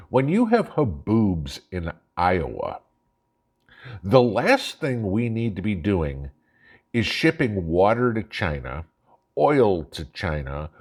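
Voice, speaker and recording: Brief: low-pitched male host, angry ranting monologue, blunt, profane, mocking. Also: a little mellow, husky. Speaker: channel host.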